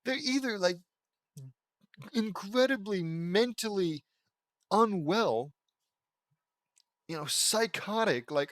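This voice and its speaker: A man with a fairly high voice reads a story aloud and keeps stopping to mock it. His asides are sarcastic and dry. The recording is close and dead, with no room sound. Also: expressive, takes it slowly, pauses often, fairly bright tone, dry recording. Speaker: audiobook reader and commentator. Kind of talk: sarcastic reading of fan fiction with commentary.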